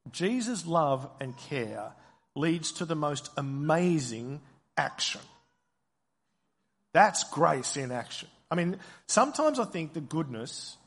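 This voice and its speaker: A man delivers a sermon at an unhurried, measured pace, stretching out pauses for weight. His voice sits a little high for a man. The sound carries a long reverb, as if in a church hall. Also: big pitch swings, slightly rough. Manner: slow, deliberate preaching with dramatic pauses. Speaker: pastor.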